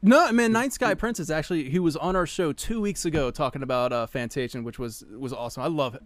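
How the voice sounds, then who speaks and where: A man's voice: a little high, quick pace, dry recording. A man hosting a live podcast in casual chat, hyped and laughing often, restarting his sentences. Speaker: podcast host.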